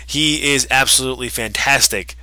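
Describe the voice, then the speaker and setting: Podcast co-host, male, piercing bright tone, dry close mic, rambly and eager. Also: mid-range voice, smooth, dry recording, rough recording. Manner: enthusiastic, rambling, with fillers and quick recaps. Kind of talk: casual podcast chat.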